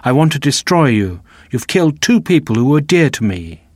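A man reading aloud as a furious young male scientist, his voice raised and shouting. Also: medium pitch, very animated, normal speed, no echo, pitched above the performer's own voice.

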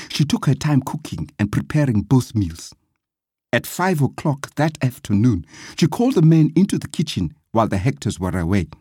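Storybook narrator, slow and swooping, husky voice, dry close sound. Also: medium pitch, no room sound. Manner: lively, dramatic storytelling. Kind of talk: storybook reading.

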